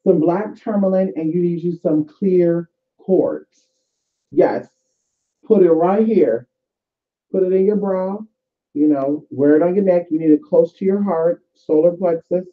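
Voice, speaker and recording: A woman's voice: on the low side, a little slow. Profane chatty woman on a tinny recording. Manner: profane, chatty, addresses viewers as y'all. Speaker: spiritual vlogger. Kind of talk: casual spiritual advice and storytelling. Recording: tinny phone-like sound.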